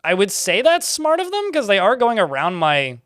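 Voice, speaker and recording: A man's voice: high-pitched, wildly swooping pitch, moderate pace, fairly bright tone, no room sound, clean studio sound. A man giving casual, chatty commentary while playing a game, laughing often and swearing offhand.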